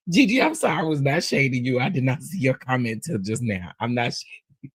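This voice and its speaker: Husky-voiced man greeting livestream viewers. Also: mid-range voice, normal speed, long pauses, dry recording. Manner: animated, greets viewers one by one, playful. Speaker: livestream host. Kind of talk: casual livestream chat.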